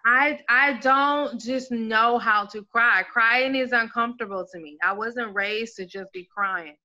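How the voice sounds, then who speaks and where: A high, bright woman talking in a loose, animated way, often laughing and cursing. She acts out her own reactions in little quoted asides, with a sharp, forceful tone throughout. She sounds like a mother chatting openly with a friend. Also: measured pace. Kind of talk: casual chat.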